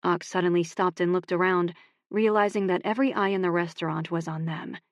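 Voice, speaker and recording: A woman narrating a romance audiobook in a calm, even voice on a close studio mic. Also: fairly low pitch, brisk, no echo, lo-fi sound.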